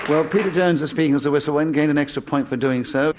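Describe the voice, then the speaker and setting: A man's voice: on the high side, fast, a loud crowd, heavy background noise. Genial male chairman before a laughing audience. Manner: genial, formal announcing. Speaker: quiz show chairman. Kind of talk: chairing a comedy panel game. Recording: live audience recording. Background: studio audience laughter.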